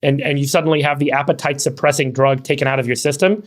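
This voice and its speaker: A man's voice: medium pitch, level tone, quick pace. A middle-aged man co-hosting a podcast, explaining at length and fluently, with frequent word repeats. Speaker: podcast co-host.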